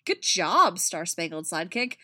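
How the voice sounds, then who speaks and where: A woman voicing a cocky, fast-talking male genius inventor who speaks through a small robot, flippant and teasing. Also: on the low side, very animated, bright, forceful tone, no echo, exaggerated voice.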